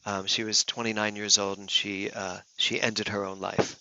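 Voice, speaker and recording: A man's voice: on the low side, level tone, normal speed, lo-fi sound. Earnest man telling a personal story. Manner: emotional, earnest, swings from hushed to shouting. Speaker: guest speaker, minister.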